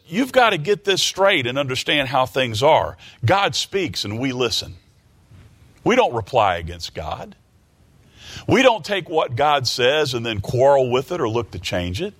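Man preaching a sermon, reads the verses then explains, repeats himself and stammers, goes low and quiet then high and punchy on the big words. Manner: drops low and quiet in confession, rises emphatic on key words; repeats phrases and stammers while working through a thought. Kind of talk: sermon, reading and expounding scripture.

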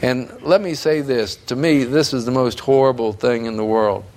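A man's voice: mid-range voice, moderate pace, a little mellow, slight background noise. A man preaching a sermon in a fervent, emphatic way that builds in intensity.

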